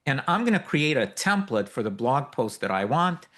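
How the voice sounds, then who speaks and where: A man runs a live software demo for a workshop audience. He explains each step loosely, with many fillers and quick asides, in a mid-pitched voice. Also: very animated. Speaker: workshop instructor.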